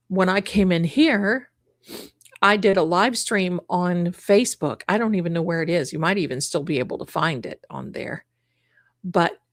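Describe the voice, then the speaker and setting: Middle-aged woman, psychic host, casual storyteller, low voice, dry room. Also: no echo. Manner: animated, acts out quoted voices. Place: home.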